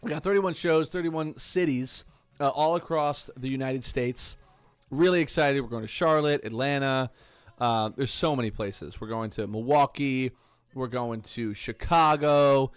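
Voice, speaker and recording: Excited male musician, casual rambling stream talk, mid pitch, dry mic, faint music behind. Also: dry recording. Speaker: musician livestreaming to fans. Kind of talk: casual livestream chat.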